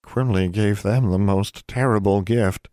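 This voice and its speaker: A man voicing a timid male elf servant who whispers softly and speaks of himself in the third person. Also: fairly low pitch, unhurried, dry recording, studio quality, lightly acted. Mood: solemn. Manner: soft hushed third-person speech.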